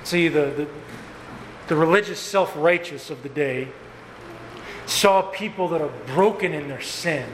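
Guy preaching a sermon, kinda high voice, slow emphatic lines, echoey church hall w/ faint hum. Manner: earnest preaching with slow, emphatic phrases and repetition. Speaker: pastor. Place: church sanctuary.

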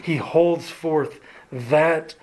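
A man preaching a sermon in a slow, deliberate way, asking his listeners direct questions and letting his phrases trail off softly. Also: fairly high pitch.

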